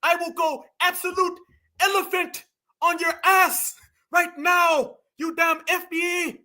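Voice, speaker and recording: A man mocking a blustering shouting tough guy. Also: very high voice, level tone, slow, voice pushed up, full character voice. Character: blustering man threatening animal fury.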